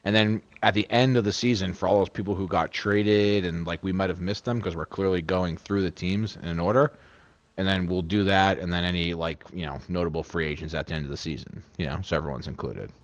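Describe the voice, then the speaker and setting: An American man with a very deep voice co-hosts a casual podcast. His mic sounds dull and lo-fi, and he rambles along, hedging with "like" and "you know.". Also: fairly even intonation, fairly quick, no echo. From United States. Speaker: podcast co-host.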